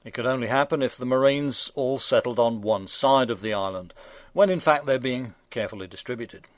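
A man's voice: mid-range voice, a little fast, dry recording. A man hosting a radio show, reading scripted satirical commentary in a dry, sardonic, mock-indignant manner.

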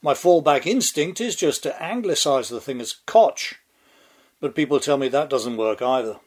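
A man's voice: mid-range voice, fairly quick. An older man with an English accent delivering a sardonic, mocking scripted commentary monologue. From England. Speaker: political commentator.

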